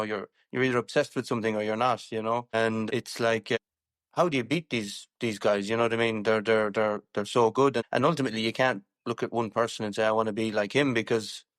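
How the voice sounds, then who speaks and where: A man's voice: lowish voice, no room sound, studio quality. A man with an Irish accent, a show jumper chatting casually on a podcast, rambling with many fillers and restarts.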